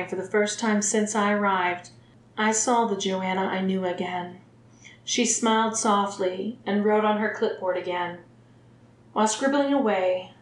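A woman narrates a first-person story in a steady, even reading voice. Her pitch sits in the middle range, and the recording has a roomy echo around it. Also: a little hiss or hum.

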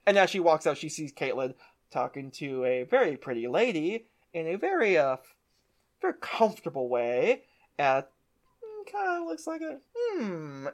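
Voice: medium pitch, big pitch swings, normal speed. A podcast co-host casually recapping a show, retelling scenes with enthusiasm. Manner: enthusiastic retelling with quoted voices.

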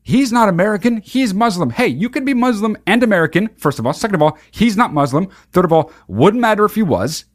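A man's voice: high voice, sing-song, fast talker, hardly any pauses. A man hosting a comedy podcast, reacting to clips with profane, mocking commentary. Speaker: podcast host.

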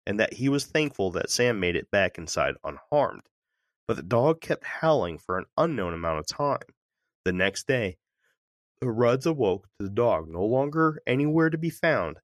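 A man hosting a podcast, reading a folklore story aloud in a measured way. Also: fairly low pitch, no room sound, clean studio sound. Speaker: podcast host reading stories.

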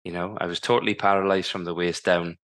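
Deep-voiced man telling a vivid story. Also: little pitch movement, quick pace, fairly bright tone. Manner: vivid storyteller who acts out remembered dialogue. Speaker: guest, former Paralympic cycling champion. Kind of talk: storytelling in a podcast interview.

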